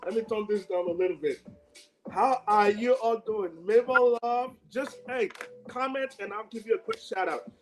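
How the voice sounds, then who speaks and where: A man's voice: sits high, normal speed, background noise. A man with a Nigerian accent hosting a casual livestream, chatty and laughing often as he greets viewers by name. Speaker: livestream host.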